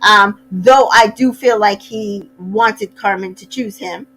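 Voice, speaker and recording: A woman hosting a casual recap, chatty and opinionated, with sassy asides and quick voices for the people she quotes. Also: mid-range voice, pushed and bright, slightly rough, rough recording. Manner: acts out cast members' lines in quick voices. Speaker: recap host.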